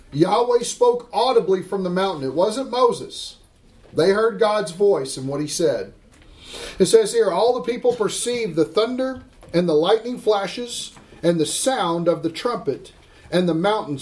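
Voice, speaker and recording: A middle-aged man teaching a Bible class, emphatic and slowing down to stress scripture as he asks the class questions. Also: sits high, animated, a little mellow.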